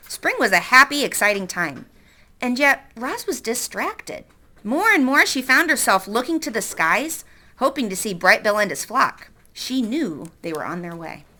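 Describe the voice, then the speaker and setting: A woman teacher reads a novel aloud to her class in an expressive way, stopping to ask the students questions. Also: on the high side. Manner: expressive, stops to quiz the class.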